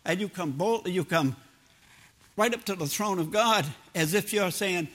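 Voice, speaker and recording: A man's voice: high-pitched, moderate pace, a bit bright. An older man preaching a sermon in a homespun, plain-spoken way, mixing personal stories with scripture. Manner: homespun, plain-spoken, drops into everyday grammar.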